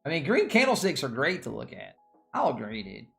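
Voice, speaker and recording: Chatting with his viewers about stocks on a casual livestream, a Southern-accented man rambles and goes over the same points again. His mid-range voice is creaky and fairly bright, swinging hugely in pitch at a fairly quick clip, with faint music in the background.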